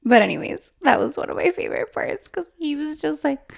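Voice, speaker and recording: Gravelly-voiced woman chatting about books. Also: high voice, fairly quick. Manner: animated, giggly, reads passages aloud. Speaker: podcast co-host. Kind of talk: casual book chat.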